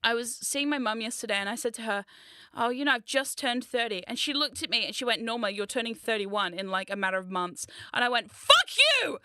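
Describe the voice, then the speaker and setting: A woman's voice: on the high side, quick pace, bright, forceful tone, clean tone, dry recording, clean studio sound. A woman, chatting casually on a livestream as a VTuber, rambling, swearing and mocking herself with frequent laughs. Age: 30s. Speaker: VTuber streamer.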